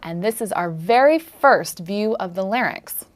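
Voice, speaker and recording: A woman narrating a demonstration of a throat examination in a clear, measured, instructional way. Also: mid-range voice, animated. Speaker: speech scientist demonstrating endoscopy. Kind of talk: explanatory narration.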